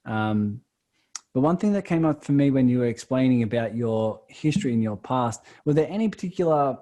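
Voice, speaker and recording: Mellow-voiced male podcast host. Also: medium pitch. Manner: reflective, rambling questions with many restarts. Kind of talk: casual interview conversation.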